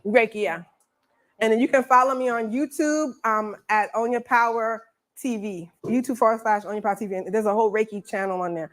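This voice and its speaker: A woman's voice: on the high side, steady tone, a little fast, a little hiss or hum. A woman from the Bronx, teaching a Reiki workshop in a playful, chatty way. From the Bronx, New York. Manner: playful, chatty, laughs often. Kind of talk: live workshop demonstration. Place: library workshop room.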